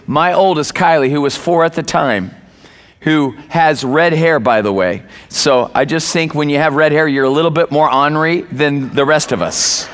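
A middle-aged man preaching a sermon as pastor, telling a family story with many restarts and lively acted-out quotes. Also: a little high, in a large hall. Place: church.

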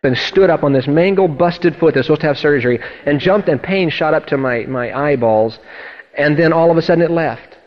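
A pastor telling a testimony from the pulpit, acting out the people in his story with lively storytelling. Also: fairly high pitch, a little fast, dull audio. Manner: animated storytelling, acting out quoted voices. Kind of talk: sermon testimony.

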